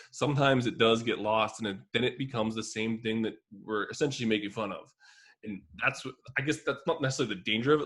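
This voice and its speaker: Brief: male co-host, rapid rambling delivery, casual swearing. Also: fairly low pitch, fairly bright tone. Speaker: podcast co-host. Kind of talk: casual podcast chat.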